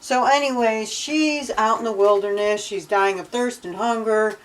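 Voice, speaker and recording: A woman's voice: on the high side, normal speed, a little hiss or hum, low-quality recording. A young woman vlogging about her Bible reading, retelling the stories in a casual, indignant and sarcastic way. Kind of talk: casual commentary.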